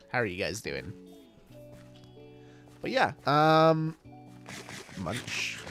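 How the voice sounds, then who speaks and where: A man streaming a game live, chatting casually and greeting viewers, with many fillers. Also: medium pitch. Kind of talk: casual livestream chat.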